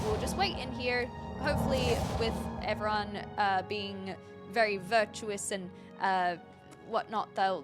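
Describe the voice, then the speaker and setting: A young woman streamer thinking aloud with lots of fillers as she plays, in casual gameplay commentary. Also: mid-range voice. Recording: game music clearly behind. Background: game music.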